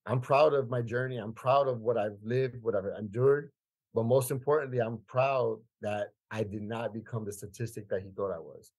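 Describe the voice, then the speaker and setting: A man's voice: fairly low pitch, fairly even intonation, moderate pace, a little mellow, breathy edge. A man in his fifties, from Queens, telling a personal story as a podcast guest in an emphatic way, repeating phrases for weight. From Queens, New York. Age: 50s. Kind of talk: conversational storytelling.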